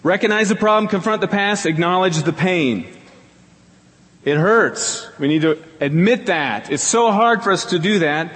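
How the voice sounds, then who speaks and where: A man's voice: animated, moderate pace, fairly bright tone, slightly rough. A middle-aged male pastor preaching a sermon, telling stories earnestly, repeating key phrases for emphasis. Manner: acts out quoted people in a higher voice. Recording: long hall reverb.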